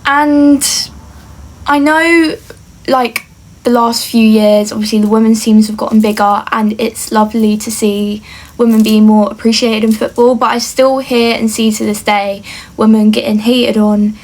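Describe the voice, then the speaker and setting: A woman's voice: a little high, steady tone, measured pace, a little mellow. A young woman from England talking earnestly to camera in a casual get-to-know-me vlog, chatty and fond of saying "like". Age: young adult. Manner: chatty and earnest, often says "like" and "obviously". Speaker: vlogger.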